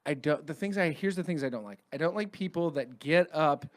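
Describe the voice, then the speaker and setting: A man's voice: on the high side, animated, brisk. Profane storytelling man hosting a podcast. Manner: profane, acts out voices in his stories. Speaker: podcast host. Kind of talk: casual comedic storytelling.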